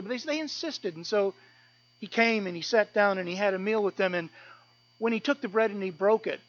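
A man's voice: sits high, muffled recording. A man preaching a sermon to a church, earnest and emphatic, often repeating words as he builds a point. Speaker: pastor. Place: church service.

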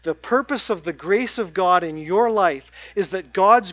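A preacher gives a sermon with a mid-range voice, hammering points home by repeating phrases and slowing right down on the key words. The sound is dry and dead, with a dull, muffled lo-fi quality. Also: mid-range voice, a bit bright, no echo.

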